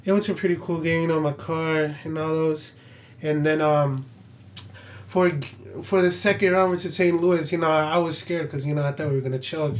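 Laid-back young man with a higher voice. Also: steady tone, moderate pace. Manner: laid-back, lots of 'you know'. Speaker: podcast co-host. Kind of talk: casual sports chat.

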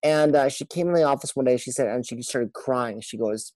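A man's voice: mid-range voice, a little fast, few pauses, darkish tone, no echo, low-quality recording. Earnest male pastor, dry close sound. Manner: earnest, repeats words, acts out quoted speech. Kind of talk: conversational podcast talk.

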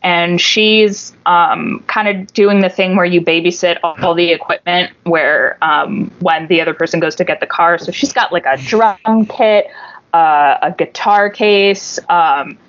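A woman co-hosting a podcast, telling a story in a casual, animated and profane way, acting out the voices of the people in it. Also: lowish voice, unhurried, dull audio. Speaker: podcast co-host.

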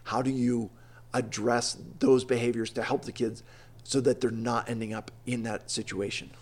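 A man's voice: mid-range voice, flat delivery, normal speed. A man hosting an interview, asking long, thoughtful questions with hesitant restarts. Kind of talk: conversational interview.

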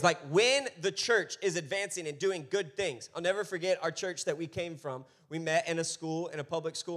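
A man in his thirties preaching a sermon as pastor, telling stories and acting out voices with animation. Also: on the high side. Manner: animated storytelling, acts out voices.

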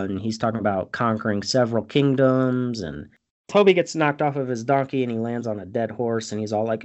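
A man's voice: lowish voice, expressive, normal speed. A man hosting a podcast, recapping a film in casual, profane chat and acting out the characters' lines. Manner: swears freely, acts out characters' lines.

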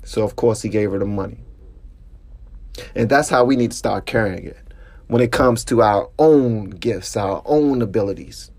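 At a moderate pace, a man recounts a story on the podcast he hosts, keeping it casual. When he gets worked up, his animated delivery leaps up in pitch.

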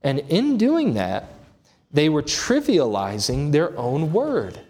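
A man's voice: a little high, wildly swooping pitch, slow, darkish tone. A man preaching an expository sermon, earnest and emphatic, his voice rising on key points.

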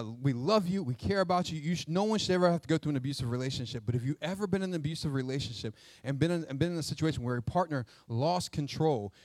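The sermon comes from a middle-aged pastor whose voice is on the high side, captured without echo. Lively and conversational, he blends jokes and tangents into his teaching.

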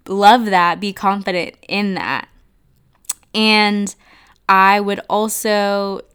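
Young woman, podcast host and life coach, heartfelt and direct, smooth clear voice. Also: mid-range voice, fairly bright tone. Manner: earnest, heartfelt, addresses listeners directly. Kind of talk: personal podcast monologue.

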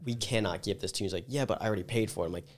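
A man's voice: fairly low pitch, very fast, a little hiss or hum. A man telling a work story in casual chat, rambling with lots of "like" and acting out the people in it. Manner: rambling, fills talk with "like"; acts out the people in his story.

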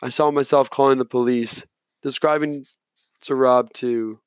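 Male narrator, measured and dry. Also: mid-range voice, steady tone, clean tone, dry recording. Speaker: audiobook narrator. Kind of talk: scripted first-person narration.

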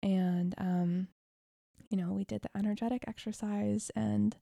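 A woman's voice: medium pitch, steady tone, a little slow, creaky, mellow, no room sound, clean studio sound. A young woman hosting a podcast, telling a personal story in a gushing, emotional way with many fillers. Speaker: podcast host.

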